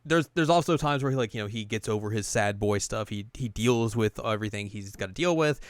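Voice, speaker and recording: A man's voice: fairly low pitch, a little fast, no echo. A man hosting a casual podcast chat, joking and laughing often, with mock-gloomy asides. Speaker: podcast host.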